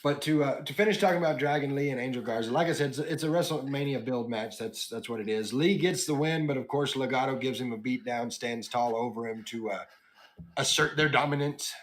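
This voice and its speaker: A man hosting a wrestling podcast, recapping matches in relaxed, casual chat with quoted lines and asides. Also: medium pitch, fairly quick. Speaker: podcast host.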